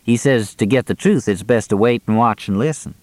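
A man voicing a sharp-tongued, middle-aged Southern woman with a probing, wry way of talking. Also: lowish voice, fairly quick, no echo, pitched above the performer's own voice, natural voice.

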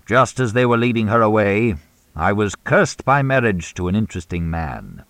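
A man's voice: on the high side, dry recording, pitched above the performer's own voice, lightly acted. A man doing a pompous old actor. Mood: cold. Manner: slow, intoning, theatrical. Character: pompous older male film actor, cold.

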